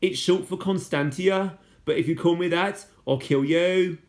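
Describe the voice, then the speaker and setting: A fierce little girl with no patience for anyone, as a man reads her aloud. She snaps out each line in a raised, sharp voice. It is a storybook read-aloud. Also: sits high, measured pace, voice pushed up. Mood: blunt, scornful. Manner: sharp and dismissive. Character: blunt fierce young girl, sarcastic.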